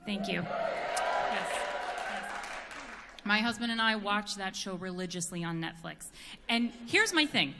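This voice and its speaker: A woman's voice: mid-range voice, animated, a little slow, long pauses, background noise. An American woman singer telling a giggly, self-deprecating story between songs on a concert stage. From United States. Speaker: quartet bass singer. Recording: reverberant concert hall.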